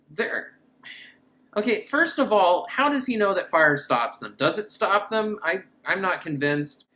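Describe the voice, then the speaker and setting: A film reviewer with a deep, somewhat bright voice gives a comedic recap of a bad movie. Her commentary is sarcastic and incredulous.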